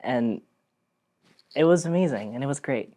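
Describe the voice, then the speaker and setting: A young man, an actor, telling his own story in a casual, animated way, acting out what people said, with many fillers. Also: medium pitch, moderate pace. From Philippines. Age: young adult.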